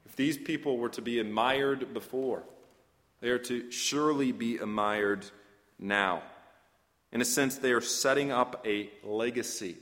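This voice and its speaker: A man's voice: medium pitch, a bit bright, long reverb tail. A man preaching an expository sermon, earnest and emphatic, often asking questions of his listeners.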